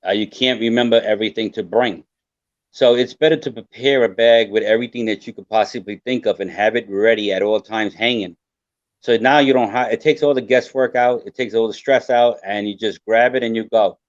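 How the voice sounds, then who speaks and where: A man's voice: lowish voice, steady tone, brisk, no echo. Older man, earnest rambling survival talk. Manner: earnest, rambling, repeats himself. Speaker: guest survival expert. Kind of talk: casual podcast talk. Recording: dry, dull lo-fi sound.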